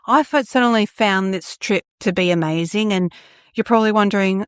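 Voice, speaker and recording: A woman hosting a solo podcast, chatty and animated, acting out little scenes as she talks. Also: medium pitch, normal speed, clear, resonant tone, no room sound, clean studio sound. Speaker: astrologer podcast host.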